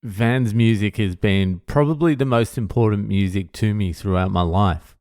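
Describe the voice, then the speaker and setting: A man's voice: fairly low pitch, moderate pace, few pauses, a little mellow, dry recording, studio quality. A middle-aged man telling a blunt, profane and emotional story in a casual monologue to camera. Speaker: vlogger.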